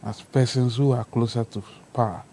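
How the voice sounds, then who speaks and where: A man's voice: mid-range voice, steady tone, normal speed, creaky, dark tone, poor audio. A man, a TV panel guest arguing his case step by step. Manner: argumentative, builds points step by step. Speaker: panel guest, civil society voice. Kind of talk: studio debate. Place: TV studio.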